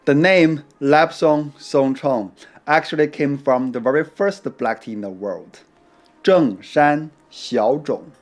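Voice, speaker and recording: Slow, measured man explaining tea. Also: medium pitch. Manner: measured, unhurried explanation with playful asides. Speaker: tea educator. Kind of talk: scripted educational narration.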